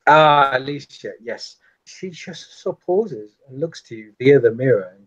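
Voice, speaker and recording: A man narrating as game master of a tabletop game, unhurried and descriptive. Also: mid-range voice, animated, fairly bright tone, poor audio.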